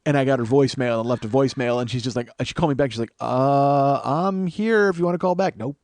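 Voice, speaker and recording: A man tells a story on his comedy podcast, swearing freely and poking fun at himself. His voice sits at a middle pitch. The sound is close and dry, with no room echo. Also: fast, a little mellow. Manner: profane, self-deprecating, emphatic storytelling. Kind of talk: storytelling monologue.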